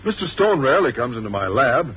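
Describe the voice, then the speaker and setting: A man's voice: mid-range voice, very animated, quick pace, husky. An actor playing a shy, earnest male biology teacher in a 1950s radio sitcom, bashful and a bit stammering. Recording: dull old radio recording with hiss.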